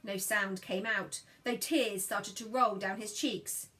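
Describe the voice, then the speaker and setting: A woman reading a children's novel aloud in scripted narration, giving the dialogue lively voices. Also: mid-range voice, slow, poor audio. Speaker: audiobook reader.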